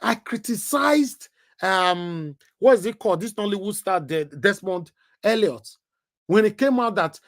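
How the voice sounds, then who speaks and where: A man's voice: sits high, expressive, normal speed. Emphatic Nigerian man hosting call-in. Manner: emphatic, preachy rhetorical questions. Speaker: live show host taking calls. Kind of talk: live call-in commentary.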